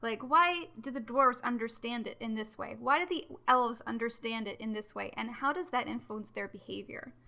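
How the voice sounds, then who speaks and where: A woman with a bright, forceful voice pitched a little high hosts a podcast in casual talk. She is animated and excitable and pokes fun at herself for being a nerd. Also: normal speed, vocal fry, hardly any pauses. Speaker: podcast host.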